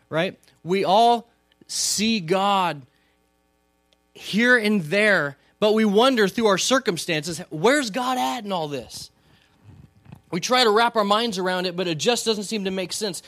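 A man's voice: high voice, expressive, a little slow, fairly bright tone, no echo, clean studio sound. A grown man preaching a conversational sermon to a congregation, often asking them questions. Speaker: pastor. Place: church hall.

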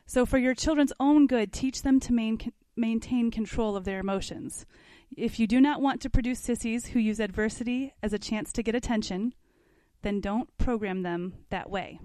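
A woman's voice: a little high, moderate pace, dark tone, no room sound. A woman teaching a parenting class, reading passages aloud from a book and adding casual comments with questions to her listeners. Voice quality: conversational, asks the class questions.

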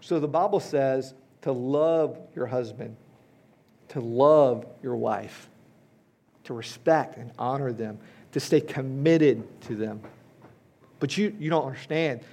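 A man's voice: medium pitch, slow, warm tone. A man in his fifties preaching a sermon to his congregation in a conversational way, often checking in with "right?" and "okay?". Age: 50s. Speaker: pastor. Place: church hall before a congregation.

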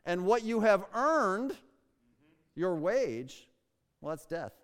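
A man preaching a sermon in a slightly high, smooth, resonant voice, pressing hard on key words and firing rhetorical questions at his listeners. His voice rings out with the long reverb of a large hall. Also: very animated, takes it slowly, fairly bright tone. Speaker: pastor.

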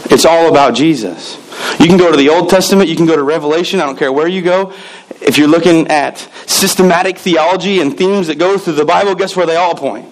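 A man's voice: fairly high pitch, a little fast, low-quality recording. A middle-aged man preaching a sermon, telling a personal story with emphatic repetitions. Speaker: pastor.

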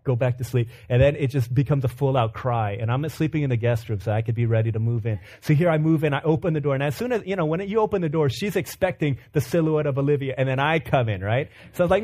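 A man in his thirties preaching a sermon, telling a family story with animated, humorous retellings. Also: on the high side, fast talker, few pauses. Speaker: pastor.

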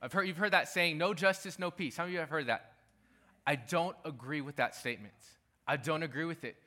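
A male pastor preaches emphatically and quickly, circling back to repeat his key phrases. His voice is bright and forceful and sits a little high for a man.

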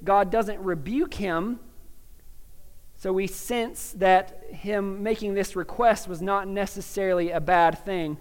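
A man preaching a sermon in a casual, animated way, stumbling into quick restarts and laughing at his own jokes. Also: high-pitched, clear, resonant tone. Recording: long reverb of a large hall.

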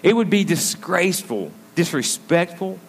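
A man's voice: sits high, expressive, moderate pace, vocal fry, husky. A man preaching a conversational sermon, telling a story and drawing the congregation in with frequent asides. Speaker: pastor. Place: school auditorium used as a church. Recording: long hall reverb.

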